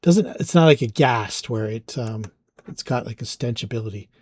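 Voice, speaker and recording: A man narrates as game master, casual and halting, full of small fillers. His voice sits at a middle pitch. The sound is dry and close, with no room around it. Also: animated, darkish tone, no echo. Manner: casual, hesitant with frequent ums.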